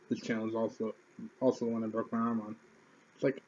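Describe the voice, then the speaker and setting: A man's voice: fairly low pitch, flat delivery, fast talker, pauses often, a little mellow, lo-fi sound. A man in his twenties, a YouTuber, telling a rambling, profane story to the camera in an offhand way.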